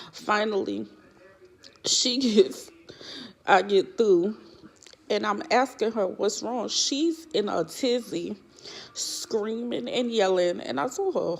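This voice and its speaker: Middle-aged woman vlogger, slow gravelly delivery, laughs her way through a casual story. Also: lowish voice, a little mellow. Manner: laughs often while telling an exasperated story.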